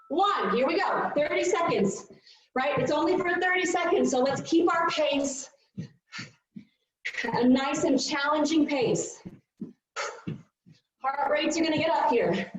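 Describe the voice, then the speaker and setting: Breathless high-voiced woman coaching a workout. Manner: upbeat cueing with countdowns and whoops. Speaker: fitness coach. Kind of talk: live workout instruction. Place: large fitness studio. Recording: echoey, distant, dull studio recording.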